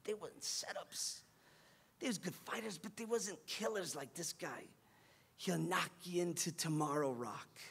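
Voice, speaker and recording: A man doing a gruff old boxing trainer, blunt. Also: a little high, expressive, moderate pace, few pauses, bright, forceful tone, voice pushed down, exaggerated voice. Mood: low, grave. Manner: blunt slangy street talk.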